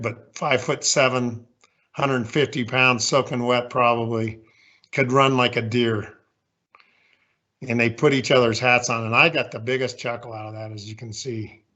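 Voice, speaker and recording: A man's voice: medium pitch, sharp tone, lo-fi sound. A man in his sixties giving a candid, folksy, self-deprecating leadership talk with slides as a guest speaker.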